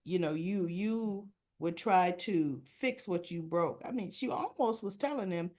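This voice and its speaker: Slow, chatty woman recapping a soap. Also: on the low side, expressive, a little mellow. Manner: chatty, filler-heavy. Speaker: soap opera recap vlogger. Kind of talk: casual recap talk.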